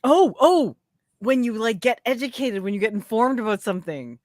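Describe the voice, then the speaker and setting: A woman's voice: a little high, animated, normal speed, a little mellow, no room sound, clean studio sound. A woman hosting a casual live-stream chat, laughing often between her words. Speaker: host.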